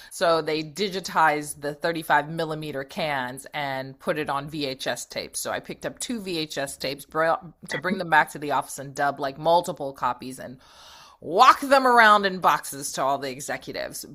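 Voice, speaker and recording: Middle-aged woman guest, animated storyteller, bright and sharp voice, laughs often. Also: deep voice. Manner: lively, laughs often, acts out her own thoughts. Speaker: interview guest, TV writer.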